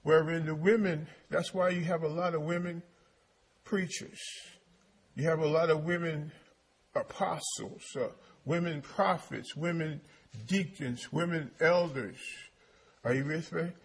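A man preaching with a husky, slightly high voice. He is emphatic, stumbling over and repeating words as he drives each point home. He keeps checking in with his congregation. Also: a little slow. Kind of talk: sermon, reading and preaching on scripture.

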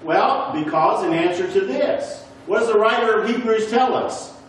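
A man's voice: sits high, lively intonation, moderate pace. A man teaching a Bible lesson to a congregation, who keeps checking in with his listeners and asking them questions. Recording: echoey room recorded from a distance.

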